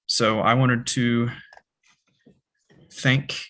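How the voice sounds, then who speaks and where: A man's voice: medium pitch, flat delivery, very slow, pushed and bright. A young man with an ordinary mid-range voice hosts a student physics talk series. He reads the guest's introduction in an earnest way, with an occasional "um" between sentences. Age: young adult. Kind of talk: reading a speaker introduction.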